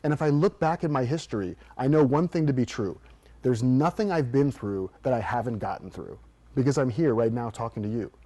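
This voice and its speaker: A man's voice: medium pitch, fairly quick. A man who is a performance coach, telling stories as an interview guest and acting out the people in them. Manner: animated storyteller acting out quotes.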